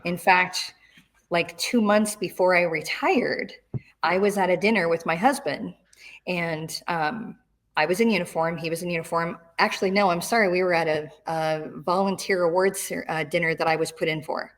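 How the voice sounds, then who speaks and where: A middle-aged woman tells a story in an interview. She talks in an animated way and acts out the voices of the people she quotes. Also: on the low side, normal speed. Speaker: interview guest, retired Marine.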